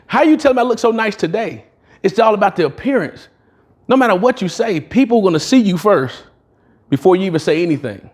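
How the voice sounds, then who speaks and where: A middle-aged man giving a motivational talk, telling stories in a casual, slangy way and acting out the dialogue. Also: on the high side. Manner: animated, acts out dialogue in other voices. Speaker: motivational speaker. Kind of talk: storytelling speech at a sales retreat.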